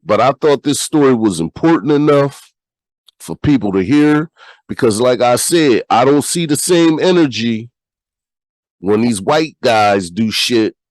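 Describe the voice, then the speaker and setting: A sick American podcast host with a nasal, stuffy voice, talking bluntly and reading news aloud. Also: male voice, mid-range voice, expressive, a little slow, no room sound, rough recording. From United States. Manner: blunt, repeats himself, swears freely.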